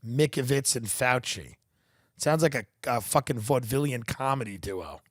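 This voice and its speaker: A man's voice: mid-range voice, lively intonation, moderate pace, no room sound, clean studio sound. A man hosting a comedy podcast, riffing in a profane, sarcastic, rambling monologue.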